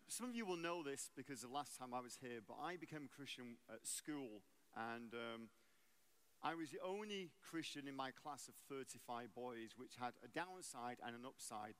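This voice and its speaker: A man from England giving a guest sermon in a church, telling stories with humor. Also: medium pitch. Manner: storytelling, lively and humorous. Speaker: guest preacher.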